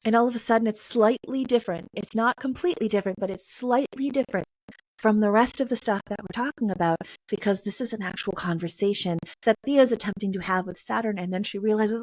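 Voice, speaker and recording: A woman's voice: mid-range voice, a little fast, no echo. A woman answering interview questions about reading poetry aloud, chatty, with lots of fillers and playful sung sounds. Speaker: guest, poetry reader.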